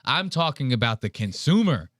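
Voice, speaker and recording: A man's voice: medium pitch, moderate pace, no room sound, clean studio sound. A man hosting a podcast, ranting in casual chat with lots of swearing. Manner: profane, ranting, animated. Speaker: podcast host.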